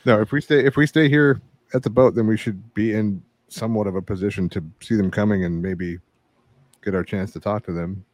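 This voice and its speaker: Male player, very deep, lively and jokey, close dry mic. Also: a little fast, no room sound. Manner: plans out loud, jokey. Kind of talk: casual play at a tabletop game.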